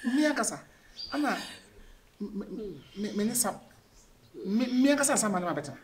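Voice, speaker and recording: A man's voice: sits high, lively intonation, moderate pace, slight background noise. An actor playing a distressed man who begs and warns, repeating his words. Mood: solemn. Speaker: actor in a Ghanaian film. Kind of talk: emotional film acting.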